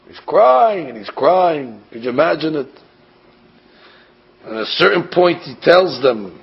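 A man preaches in a high, raspy and gravelly voice, firing off rhetorical questions and dropping in Hebrew terms. The recording sounds dull and lo-fi. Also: very animated, unhurried, long pauses. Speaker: rabbi giving a Torah class. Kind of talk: sermon.

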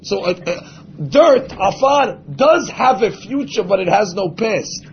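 A man with a high, gravelly voice gives an emphatic religious lecture and slips into the voices of imagined people. The recording is dull and lo-fi, with a faint hiss underneath. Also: expressive, measured pace. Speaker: Torah teacher.

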